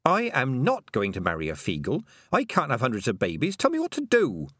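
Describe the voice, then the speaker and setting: A man reading aloud, voicing a stubborn young girl witch in an emphatic, high-pitched way. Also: wildly swooping pitch, fairly quick, a bit bright, dry recording, clean studio sound. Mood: indignant.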